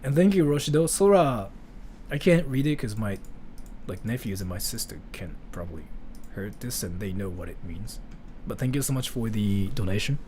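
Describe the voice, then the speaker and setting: A man's voice: on the low side, expressive, normal speed, dark tone, a little hiss or hum. A man, chatting playfully on a livestream and reading donations. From Japan. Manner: playful, rambling, reads donations aloud. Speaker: streamer and voice actor. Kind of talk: casual livestream chat.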